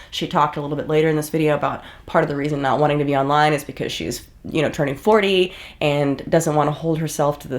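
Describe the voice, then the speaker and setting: Woman, 30s, YouTube commentator; blunt, sarcastic, exasperated delivery, slightly low voice. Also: a bit bright. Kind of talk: casual commentary.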